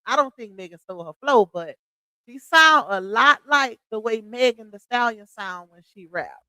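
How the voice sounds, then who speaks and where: A woman's voice: fairly high pitch, expressive, moderate pace, pushed and bright, no echo, rough recording. A woman hosting a reaction channel, chatting casually and speaking straight to her viewers. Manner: chatty, addresses viewers directly.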